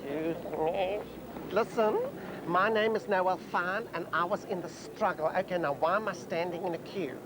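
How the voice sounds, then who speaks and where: A man's voice: high voice, normal speed, background noise, lightly acted. A man playing a brash, gossipy middle-aged woman socialite with a South African accent in a sitcom. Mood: chatty. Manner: gossipy, theatrical, calls people doll. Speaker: lead comic character. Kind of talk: sitcom comedy acting.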